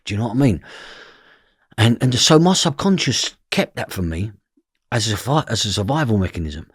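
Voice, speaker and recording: A man's voice: lowish voice, sing-song, normal speed, husky, no echo, clean studio sound. A middle-aged man, a podcast guest, telling his story intensely and bluntly, swearing and often asking if you know what he means. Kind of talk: intense first-person storytelling.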